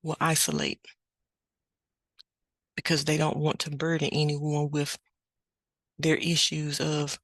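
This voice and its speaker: A middle-aged woman hosting a podcast, telling a family story in an unhurried, plain-spoken way. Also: low-pitched, little pitch movement, dry recording. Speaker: podcast host. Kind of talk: casual spoken reflection.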